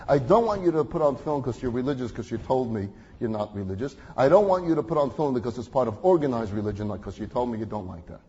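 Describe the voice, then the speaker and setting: A man's voice: medium pitch, expressive, quick pace, few pauses, dark tone, husky, voice pushed down. A man playing an earnest rabbi who keeps coaxing a stranger to do him a simple favor. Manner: coaxing, reasonable, repetitive. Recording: dull recording with long hall reverb.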